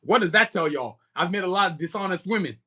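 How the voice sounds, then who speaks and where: A man's voice: sits high, lively intonation, fast, sharp tone, slightly rough. A man with an American accent touched by Nigerian, chatting loosely on a livestream in a slangy, rambling way. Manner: slangy, rambling, keeps saying "you know what I'm saying". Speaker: livestream host and comic creator. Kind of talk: casual livestream chat.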